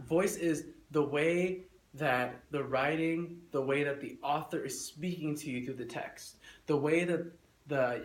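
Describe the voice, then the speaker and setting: Young male teacher, mid-pitched, energetic and coaxing, echoey room. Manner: energetic, coaxing, repeats instructions. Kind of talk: classroom lesson. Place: classroom. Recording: echoey classroom with faint noise.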